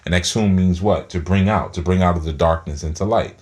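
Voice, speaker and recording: A man's voice: sits low, fairly quick, a little mellow. A man giving a spiritual teaching talk, speaking through his teeth and often repeating words as he thinks aloud.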